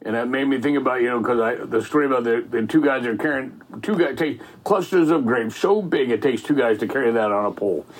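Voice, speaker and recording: A man's voice: medium pitch, fast, hardly any pauses, breathy edge. A middle-aged man telling faith stories in a rambling, folksy way, full of "man" and "you know". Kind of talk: casual faith storytelling.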